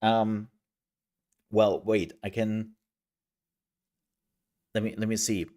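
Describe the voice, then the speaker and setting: Warm and on the low side, this man's voice stays level at a slow pace. He's live-streaming a game, rambling through jokey casual chat full of laughs and restarts.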